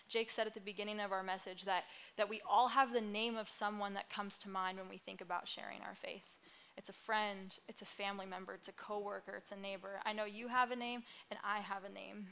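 A woman's voice: mid-range voice, flat delivery, fairly quick, a bit bright, smooth. A young woman in her twenties giving a sermon from a church stage in a conversational, self-deprecating way with light laughs. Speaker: pastor.

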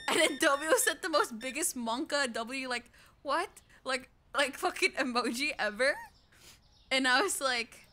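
A woman talks casually while she streams a game, swearing freely and reading her chat aloud. Her voice sits fairly high and swoops up and down with a lot of life. It's a bright, sharp tone, with a faint hiss of noise under it. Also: lively intonation, moderate pace. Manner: bursts into squealing laughs.

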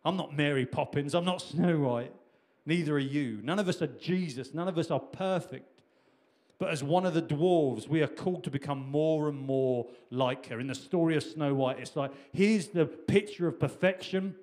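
A man's voice: fairly high pitch, normal speed, darkish tone. Man preaching a casual sermon. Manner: conversational preaching with repetitions and restarts. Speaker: pastor.

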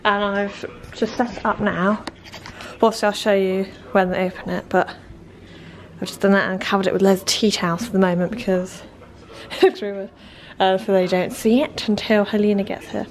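A woman's voice: mid-range voice, steady tone, moderate pace. A young woman chatting casually to camera in a vlog, giggly and rambling with lots of "like" and "um". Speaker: vlogger. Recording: noisy handheld vlog recording.

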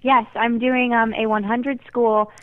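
A woman's voice: on the high side, little pitch movement, a little slow. Teen girl, from South Florida, earnest, chatty, tinny phone line. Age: teens. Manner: earnest, chatty with many fillers. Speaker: guest singer. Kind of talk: phone interview.

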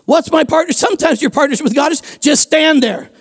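A man preaching a sermon as pastor in a church, animated and rising to shouts. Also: extremely high pitch, a little fast.

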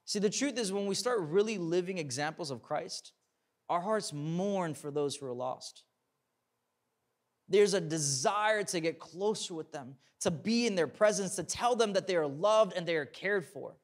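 A man's voice: fairly high pitch, animated, measured pace. A young man, a pastor, telling a personal story in a sermon, acting out the dialogue and then preaching earnestly.

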